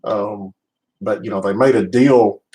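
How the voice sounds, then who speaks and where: A man's voice: on the low side, fairly even intonation, measured pace, dark tone, poor audio. A middle-aged man with a Southern US accent, rambling casually as he hosts a live stream from his home office. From United States. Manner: rambling, restarts often, laid-back.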